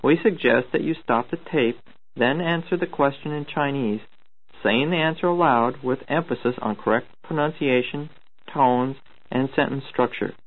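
A man reading scripted instructions for a language course in a measured, formal way. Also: medium pitch. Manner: measured, formal, announcing cues. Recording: tinny narrow-band tape recording.

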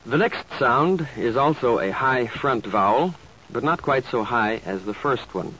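A man teaching pronunciation in slow, carefully enunciated scripted narration, like an old instructional tape. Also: medium pitch, animated, a bit bright, slightly rough. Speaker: language teacher. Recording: dull lo-fi tape with faint hiss.

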